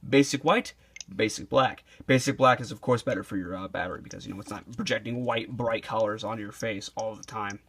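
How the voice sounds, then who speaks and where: A man's voice: lowish voice, steady tone, brisk, a bit bright, slightly rough. Casual young man, swearing, losing his voice. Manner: rambling and casual, swears often, many fillers. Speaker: video reviewer. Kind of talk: casual product review.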